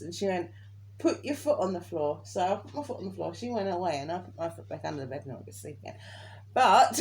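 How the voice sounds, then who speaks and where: A woman's voice: medium pitch, a little mellow, slight background noise, rough recording. A young woman chatting casually and giggling as she tells a family story. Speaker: daughter. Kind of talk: casual chat.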